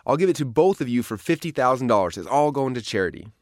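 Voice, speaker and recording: A man's voice: medium pitch, sing-song, fast talker, no room sound, clean studio sound, natural voice. A man reading a cheery line from a jovial host at a charity auction.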